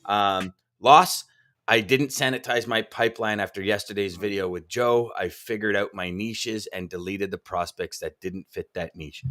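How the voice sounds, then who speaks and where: A man's voice: lowish voice, normal speed, fairly bright tone. A man co-hosting a live sales show, reading viewer comments aloud and cheering them on with enthusiasm. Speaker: podcast co-host.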